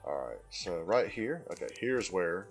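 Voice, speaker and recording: Man, mild Southern US accent, very low voice, chatty game streamer, faint music behind. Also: big pitch swings, unhurried. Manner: chatty, reads and answers chat, easily amused. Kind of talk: casual live-stream chat while gaming.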